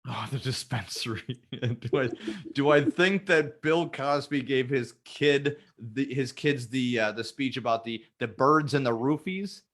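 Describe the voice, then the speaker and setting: A man's voice: mid-range voice, measured pace, hardly any pauses. A man hosting a podcast, joking crudely in casual chat. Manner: crude, animated joking with frequent laughter. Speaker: podcast host.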